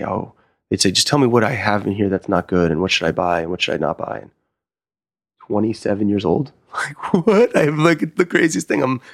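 Male sommelier, interview storyteller, lively and chatty, recorded dry with no room sound. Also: on the low side, vocal fry, dry recording. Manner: animated, acts out quoted dialogue. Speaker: sommelier and wine consultant.

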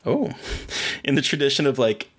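A man's voice: mid-range voice, big pitch swings, normal speed, fairly bright tone. Rambling man co-hosting a film podcast. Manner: rambling, enthusiastic, many restarts. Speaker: podcast co-host. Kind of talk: casual chat about films and shows.

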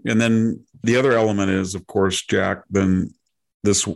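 Man, low gravelly voice, podcast co-host, conversational storytelling, measured delivery. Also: little pitch movement.

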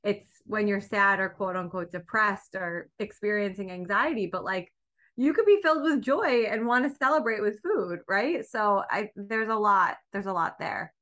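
A woman's voice: medium pitch, moderate pace, a bit bright. Chatty woman co-host, enthusiastic, casual podcast talk.

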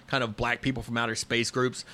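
A man in his fifties chats on a podcast, spinning loose stories with constant fillers and restarts. His voice has a bright, forward edge at an ordinary pitch. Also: flat delivery, brisk. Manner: rambling, storytelling with many fillers and restarts. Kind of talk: casual podcast conversation.

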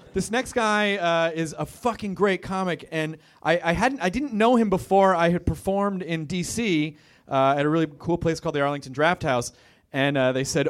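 A man on a comedy club stage telling a quick, profane story and then introducing the next comedian. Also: sits high. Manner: quick, self-correcting, profane banter. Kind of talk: stand-up set and act introduction. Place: comedy club stage before a live audience.

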